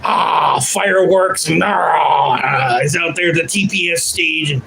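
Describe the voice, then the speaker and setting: Fired-up fifty-something man, slightly high voice, swears freely, livestream ranter. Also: measured pace, gravelly, hardly any pauses, a little hiss or hum, low-quality recording. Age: 50s. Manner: loud, profane, fired-up. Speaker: livestream commentator. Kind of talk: unscripted ranting livestream.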